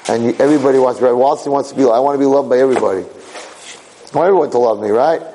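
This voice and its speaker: A man giving a sermon as a rabbi, animated and conversational, repeating phrases for emphasis. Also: medium pitch, rapid-fire, a little hiss or hum, low-quality recording.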